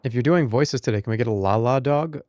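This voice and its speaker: Rambling and joking with his viewers, this gamer gives live commentary while streaming. He has a mid-range, fairly dark voice and talks fast, with no room sound.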